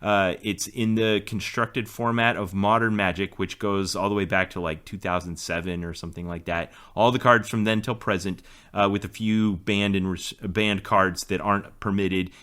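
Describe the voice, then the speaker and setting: A man's voice: on the low side, steady tone, normal speed, few pauses, a bit bright, clear, resonant tone. A man in his forties, co-hosting a podcast in casual chat and explaining things in a storytelling way. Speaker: podcast co-host.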